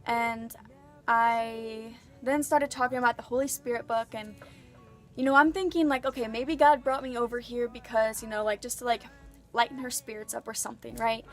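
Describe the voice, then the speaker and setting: A young woman speaks in a fairly high voice with casual, earnest storytelling and many filler words. Faint music plays quietly under her voice. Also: fairly even intonation, normal speed. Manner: chatty, frequent "like" fillers, earnest. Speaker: vlogger.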